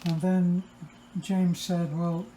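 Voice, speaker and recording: A man telling a travel story casually, explaining events step by step in a measured way. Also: high voice, little pitch movement, mellow, a little hiss or hum. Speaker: co-host. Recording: roomy echo.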